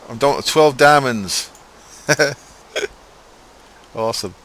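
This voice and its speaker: Mumbling streamer with a mild Hull accent. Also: male voice, mid-range voice, takes it slowly, fairly bright tone. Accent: mild Hull (East Yorkshire). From Hull, East Yorkshire, England. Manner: rambling, mumbles to himself while playing, swears casually. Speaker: gaming streamer. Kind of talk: casual gameplay commentary chatting with live chat.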